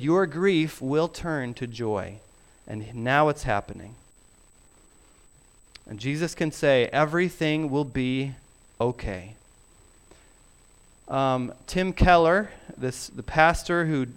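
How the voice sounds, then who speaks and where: A middle-aged man preaching a sermon, emphatic and deliberate, sometimes dropping his voice very low. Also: clean tone. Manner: slow, emphatic preaching with soft drops to near whisper. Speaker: pastor.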